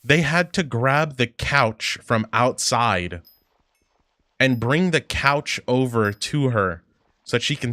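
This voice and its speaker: A man's voice: mid-range voice, sharp tone, no echo. A man livestreaming while gaming, chatting casually, reading chat aloud and reacting in a rambling, profane way.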